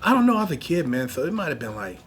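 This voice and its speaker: A man telling stories in casual conversation, animated, acting out other people's lines. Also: a little high, racing, slight background noise. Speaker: guest. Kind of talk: casual storytelling.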